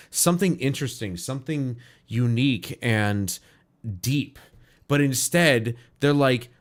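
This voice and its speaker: Rambling, opinionated male game streamer. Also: mid-range voice. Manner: rambling, musing aloud, frequent restarts; frank and opinionated. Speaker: livestream gaming host. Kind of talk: casual livestream commentary.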